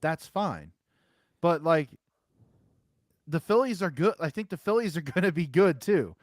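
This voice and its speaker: A man co-hosting a sports podcast, talking in a somewhat raised pitch for a male voice. He rambles casually and profanely, full of fillers and restarts. The sound is dry and close, with no room echo. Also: animated, unhurried. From Philadelphia area. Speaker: podcast co-host.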